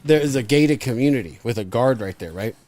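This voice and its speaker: A man co-hosting a live podcast, telling stories in a profane, animated, casual way. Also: mid-range voice, a little fast, background noise. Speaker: podcast co-host.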